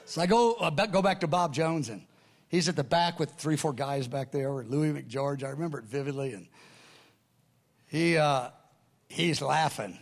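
Creaky-voiced man preaching, telling a story. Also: fairly high pitch, unhurried, pauses often. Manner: animated storyteller acting out voices, shifting from hushed to loud. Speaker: pastor. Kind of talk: sermon storytelling.

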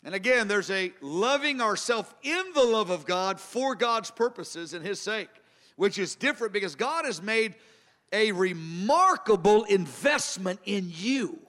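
A man's voice: sits high, lively intonation, a little slow, sharp tone. A man preaching a sermon, earnest and emphatic, circling back to repeat his key phrases. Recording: long hall reverb.

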